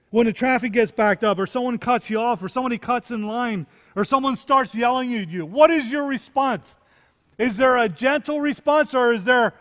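A man's voice: very high voice, moderate pace, a bit bright, in a large hall. A man preaching a sermon, repeating key phrases and rising into emphatic questions. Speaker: pastor.

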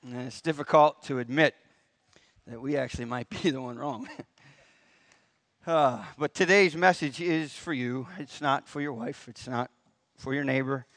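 A man giving a Sunday sermon in a church, speaking in a folksy, conversational way. He leans into key phrases with rising emphasis as he works through the scripture text. His voice sits at an ordinary middle pitch. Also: a little slow, a bit bright, no echo. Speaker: pastor. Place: church sanctuary.

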